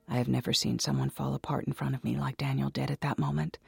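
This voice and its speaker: A man's voice: medium pitch, level tone, fast, gravelly, few pauses, breathy edge, dry recording. A man reading a first-person story aloud in a dramatic, intense way, sometimes dropping to a whisper. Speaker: narrator. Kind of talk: first-person audiobook narration.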